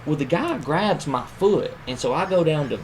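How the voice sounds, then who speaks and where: A man telling a story among friends, animated, laughing often and acting out what others said. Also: a little high, moderate pace. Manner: animated, laughing, acts out quoted lines. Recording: noisy room ambience.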